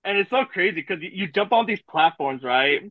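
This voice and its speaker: High-voiced excitable man, lo-fi dry mic. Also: fairly quick, dry recording. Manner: excitable, laughing, says dude a lot. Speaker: podcast co-host. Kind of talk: casual gaming chat.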